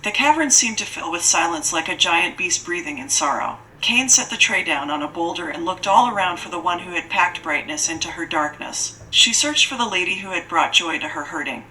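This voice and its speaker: Bright-toned woman narrating horror. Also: fairly low pitch, lively intonation, brisk, hardly any pauses, a little hiss or hum, low-quality recording. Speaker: audiobook narrator. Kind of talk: scripted horror story narration.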